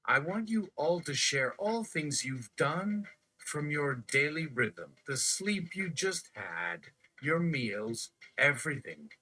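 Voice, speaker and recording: Slow, bright-voiced man chanting numbered lines. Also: on the high side, sing-song, poor audio. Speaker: live streamer. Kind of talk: slow counting recitation.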